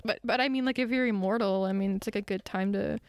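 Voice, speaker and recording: Young woman, giggly, rambling, casual chat, mid pitch, dry mic. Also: quick pace, no room sound. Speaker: podcast co-host and player.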